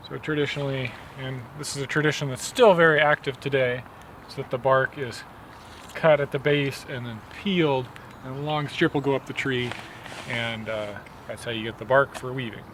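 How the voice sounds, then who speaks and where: A man's voice: medium pitch, fairly even intonation, moderate pace, a bit bright, a little hiss or hum. A man teaching a botany field lesson outdoors among trees, explaining in a friendly way and telling a folk tale.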